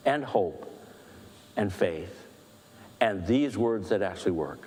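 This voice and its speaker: A man leading a church book discussion, talking fast with animated, self-deprecating humor. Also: on the low side, long reverb tail. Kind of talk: church teaching talk. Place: church hall.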